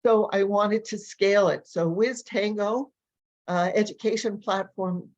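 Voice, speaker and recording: A woman language coach and educator, telling stories in an animated, energetic way during a casual interview. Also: medium pitch, a little slow. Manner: animated, energetic storyteller who acts out voices.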